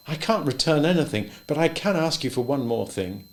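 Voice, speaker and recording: A man's voice: fairly high pitch, lively intonation, brisk, voice pushed up. A man voicing an eager, earnest grown male landowner who pleads with a raised, hopeful voice. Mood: pleading.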